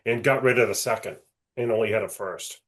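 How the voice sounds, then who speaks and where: A man's voice: fairly low pitch, fairly quick. A man, a guest investor, talking casually on a video call about a deal. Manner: conversational, many fillers and restarts.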